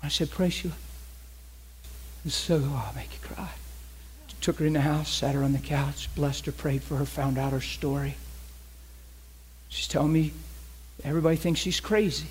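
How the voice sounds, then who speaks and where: A middle-aged man preaching a sermon, telling a story with lively quoted voices. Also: fairly high pitch, moderate pace, long pauses, a little hiss or hum. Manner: animated storyteller who acts out the people he quotes.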